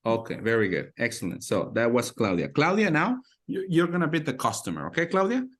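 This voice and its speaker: A man's voice: medium pitch, huge pitch swings, fairly quick. A man teaching call center English on a video call, repeating phrases and encouraging the learners. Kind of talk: online class coaching.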